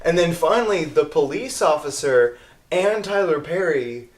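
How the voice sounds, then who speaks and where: A man's voice: a little high, animated. Dry-witted young man in an echoey room. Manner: dry quips, measured opinions. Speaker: podcast co-host. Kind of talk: casual movie review chat.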